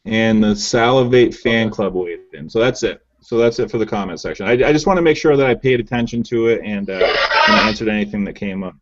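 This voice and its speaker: Lower-pitched man on a muffled call. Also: a little fast, hardly any pauses. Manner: relaxed, chatty, filler-heavy. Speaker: host reading viewer comments. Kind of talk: casual live hangout chat. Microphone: video call. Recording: dull lo-fi web call audio.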